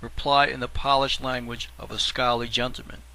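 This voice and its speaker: A man narrating an audiobook in an even, steady reading manner. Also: mid-range voice, brisk, vocal fry, poor audio.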